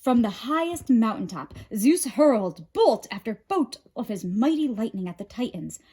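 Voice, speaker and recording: A woman librarian reading a storybook aloud. Her voice is husky and a little high, swinging through a lively range. The narration is expressive and dramatic. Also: moderate pace.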